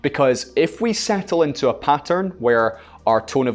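A man's voice: on the high side, expressive, moderate pace. A man with a Scottish accent, a voice coach giving a scripted talk to camera, showing rising and falling tone. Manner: clear, demonstrates falling and rising tone.

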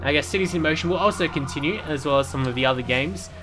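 Over background music, a let's play commentator with a slightly high voice talks quickly through a city-building game. His commentary is casual and meandering, with many fillers and restarts.

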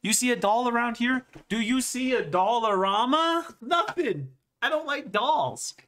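A young man hosting a joking comedic commentary video, playful and jokey, often jumping into high squealing exclamations. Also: animated, a little slow, a bit bright. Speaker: streamer and video host.

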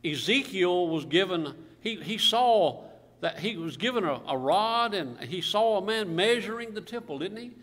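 A man's voice: high voice, lively intonation, moderate pace, a bit bright. A man pastor preaching a sermon, firing rhetorical questions at the congregation and calling for amens, with a cough now and then. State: coughing at times. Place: church sanctuary. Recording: church hall reverb.

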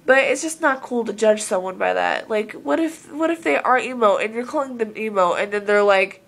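A woman's voice: fairly high pitch, normal speed, gravelly. Earnest rambling woman from Southern Oregon. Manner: earnest, rambling, many filler words. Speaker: vlogger. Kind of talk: casual talk to camera.

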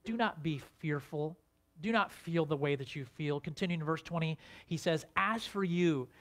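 A man's voice: on the high side, a bit bright. A man, a pastor, preaching a conversational sermon, asking his listeners rhetorical questions and restarting his phrases.

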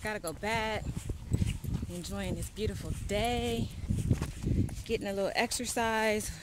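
A woman's voice: medium pitch, a little slow, heavy background noise. A woman chatting casually to her viewers while walking her dog outdoors, slipping into baby talk. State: sweaty, a bit out of breath. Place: outdoors on a neighborhood walk.

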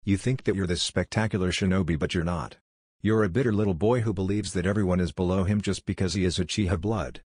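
A man's voice: low-pitched, fairly even intonation, fast talker, a little mellow, breathy edge, dry recording, clean studio sound. A man reading the lines of a defiant teenage boy ninja in a story, blunt and scornful.

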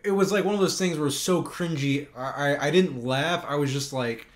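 Animated young man chatting and laughing. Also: a little high, a little fast, few pauses. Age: young adult. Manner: animated, laughing, swearing, rambling. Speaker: podcast host answering viewer questions. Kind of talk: casual chat.

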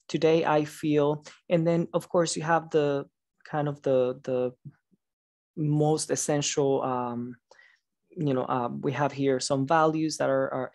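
A man's voice: medium pitch, darkish tone, dry recording, clean studio sound. A man presenting at a conference over a video call late at night. He sounds tired, encourages the audience, and stumbles and restarts words now and then. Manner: encouraging, reads out audience answers with praise. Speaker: conference presenter, teacher educator.

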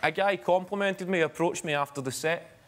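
A man's voice: sits high, fairly quick. A Scottish man telling a funny story as a comedian guest on a talk show, laughing as he goes. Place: TV studio. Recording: loud background noise.

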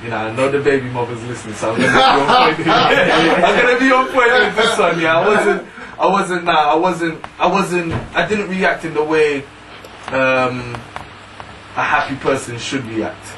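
Young male guest, halting and filler-heavy, mid-pitched, distant mic with faint hiss. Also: lively intonation, echoey room. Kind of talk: casual discussion.

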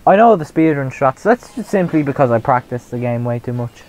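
A young man streams a game and chats with his viewers, teasing himself about his play and laughing often. His voice sits at an ordinary middle pitch. Faint game music plays behind him. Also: animated, brisk, rough recording. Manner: self-mocking, chatty, reacts loudly and laughs often. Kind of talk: casual live gameplay commentary.

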